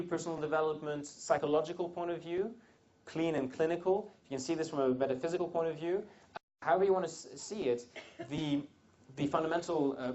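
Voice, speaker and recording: A seminar speaker with a slightly high, mellow voice addresses a live room of attendees, rambling along with frequent restarts and joking asides. The recording is dull and lo-fi.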